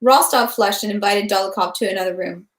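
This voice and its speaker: A woman reading a novel aloud, steady with small slips and restarts. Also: mid-range voice, brisk, echoey room. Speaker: reader of a novel. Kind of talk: read-aloud narration.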